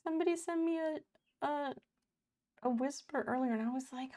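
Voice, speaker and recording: A woman's voice: high-pitched, normal speed, mellow. A woman in her thirties, a live streamer, chatting casually and rambling while she reads her chat aloud and swears freely. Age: 30s.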